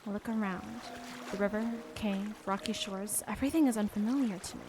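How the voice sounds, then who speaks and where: A woman's voice: medium pitch, fast. Woman reading game story aloud. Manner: expressive, soft, storytelling. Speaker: streamer. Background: game music.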